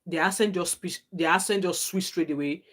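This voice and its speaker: Speaking a little fast in a fairly low pitch, a middle-aged Nigerian-accented woman chats casually on her live stream. She's a nurse, and she answers comments from viewers with sincere advice.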